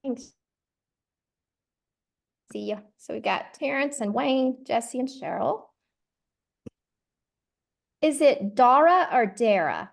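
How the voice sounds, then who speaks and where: Speaking slowly with frequent pauses, this animated woman has a fairly high, creaky voice. She's a middle-aged charter school consultant from Georgia, USA, with a Southern accent, running a virtual workshop warmly, peppered with ums, uhs, and "y'all."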